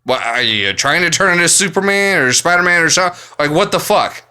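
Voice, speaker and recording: Swearing without pause, a full-time working adult vlogger delivers an angry, exasperated, blunt rant straight to camera. His fairly high voice is expressive and fairly quick, with a sharp edge and a clear, resonant tone.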